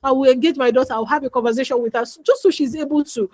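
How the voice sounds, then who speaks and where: Woman, parenting coach, fairly high voice, dry close sound, chatty and repetitive. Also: rapid-fire, darkish tone, no room sound. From Nigeria. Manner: chatty, repeats advice, acts out dialogue. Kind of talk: instructional talk with anecdotes.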